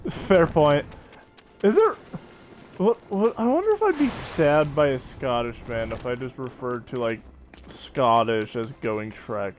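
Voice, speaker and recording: Young man, gaming streamer, casual rambling chat, joking, laughs a lot, mid-pitched voice, faint music behind. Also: lively intonation, a little slow, long pauses.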